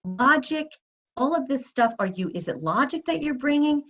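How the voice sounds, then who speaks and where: A woman's voice: high-pitched, expressive, moderate pace, highs cut off. A woman in her sixties giving a motivational talk, telling stories and coaching her audience directly. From United States. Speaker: speaker.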